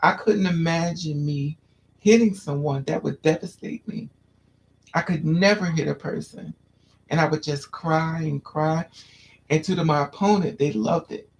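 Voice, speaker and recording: A man chatting casually, telling childhood stories in an animated way and acting out the voices of people he quotes. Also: a little high, measured pace, a little hiss or hum. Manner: animated storyteller, squeals and acts out quotes. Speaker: podcast host. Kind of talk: casual chat.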